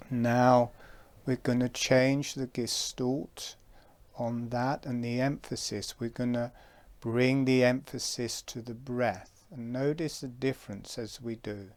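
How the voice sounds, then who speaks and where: A man guiding a breathing meditation, giving calm, soft-spoken instructions. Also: mid-range voice, slow. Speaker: breathwork teacher.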